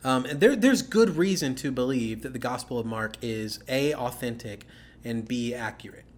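A man's voice: mid-range voice, moderate pace. A man co-hosting a casual podcast, explaining scripture steadily and checking in with "okay?" as he goes. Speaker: podcast co-host. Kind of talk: casual Bible-teaching chat.

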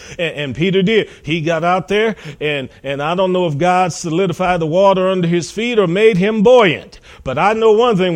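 Storytelling preacher with a higher voice. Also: male voice. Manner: storytelling, acting out voices of biblical figures; rises to loud, emphatic peaks. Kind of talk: sermon.

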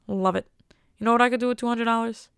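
A woman's voice: on the high side, completely flat delivery, very fast, a bit bright, smooth, dry recording, studio quality. A young American woman talking casually to her viewers in a rambling, enthusiastic and wry way. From United States. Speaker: vlogger. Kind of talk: casual monologue.

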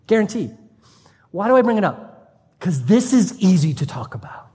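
A man with a high-pitched voice preaches in a church, moving between easy joking and earnest, passionate appeals. His voice carries a long reverb tail from the big hall. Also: big pitch swings, normal speed, dark tone. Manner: passionate, conversational preaching with humor. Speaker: pastor. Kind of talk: sermon. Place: church sanctuary.

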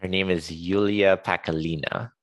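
A man's voice: sits low, fairly even intonation, normal speed, no echo. A man in his forties from Saudi Arabia, a company head, telling personal stories in an interview with lots of laughs and small hesitations. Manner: chatty, laughs often, hesitant fillers. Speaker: guest, company CEO. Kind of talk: casual interview storytelling.

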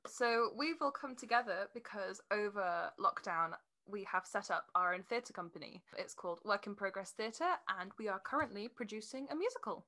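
A young woman co-hosts a casual podcast with a bright, ringing voice. She talks in a loose, chatty way and laughs easily. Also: medium pitch, lively intonation, moderate pace, hardly any pauses. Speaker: podcast co-host.

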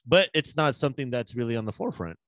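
A man's voice: medium pitch, expressive, quick pace, fairly bright tone, no echo. A man co-hosting a podcast, talking in a loose, profane, rambling way and breaking into quoted asides. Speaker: podcast co-host. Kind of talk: casual podcast chat.

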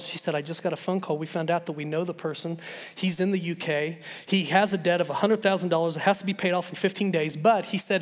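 A man, a pastor, telling a story in a sermon, animated and acting out the voices of the people in it. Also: sits high. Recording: long reverb of a large hall.

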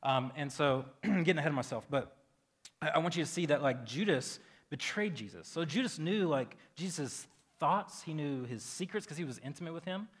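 A man's voice: on the high side, animated, moderate pace, slightly rough. A man preaching a casual sermon as pastor, talking loosely and conversationally with lots of fillers.

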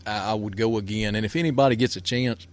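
A man's voice: lowish voice, fast talker. A man telling a hunting trip story in a casual, folksy way, often laughing and repeating himself.

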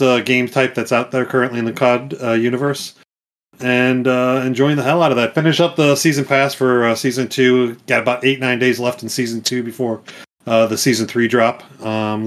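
A man from Long Island, a guest on a gaming podcast, talking casually with easy laughs. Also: mid-range voice. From Long Island, USA.

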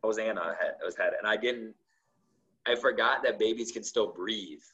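Talk-show guest, male, lower voice, lively story delivery, dull recording. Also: normal speed. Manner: acts out quoted dialogue with lots of "like". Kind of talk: animated storytelling.

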